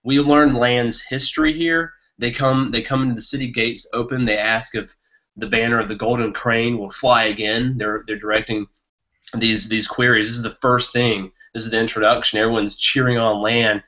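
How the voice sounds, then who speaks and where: A man co-hosting a casual book podcast, talking with excitement and laughing often. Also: mid-range voice, normal speed. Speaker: podcast co-host. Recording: muffled lo-fi podcast audio.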